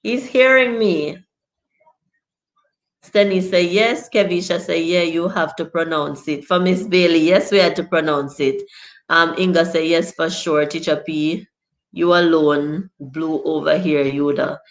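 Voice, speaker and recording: Chatty Jamaican woman, slow and low. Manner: chatty, laughs often, reads viewer comments aloud. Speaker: teacher hosting a live stream. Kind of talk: casual live-stream lesson, reading chat aloud. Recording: echoey room.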